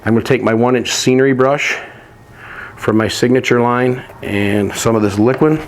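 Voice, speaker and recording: A man teaching a painting lesson, walking through each step in a relaxed, practical way while he works. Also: medium pitch, moderate pace. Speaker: painting instructor.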